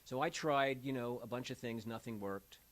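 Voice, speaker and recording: Older man telling stories in a lively way. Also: mid-range voice, normal speed, rough recording. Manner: animated storyteller, acts out quoted voices. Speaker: end-of-life doula. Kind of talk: conversational storytelling. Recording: faint hiss.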